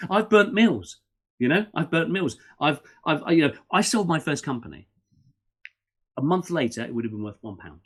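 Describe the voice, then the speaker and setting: A middle-aged man, a podcast guest in casual interview chat who talks in animated, rambling bursts with many restarts and fillers. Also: on the high side, moderate pace, breathy edge.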